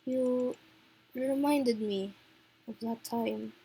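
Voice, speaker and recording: A woman's voice: fairly high pitch, very slow, creaky, warm tone, husky, no echo, heavily acted. A woman voicing an anxious, tender young heroine from a story game, reading her lines in an earnest, pleading way. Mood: worried.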